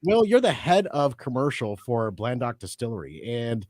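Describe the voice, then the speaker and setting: A man's voice: medium pitch, sing-song, moderate pace, a little mellow, dry recording. A man co-hosting a podcast from a studio, upbeat and jokey in casual chat. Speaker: podcast co-host.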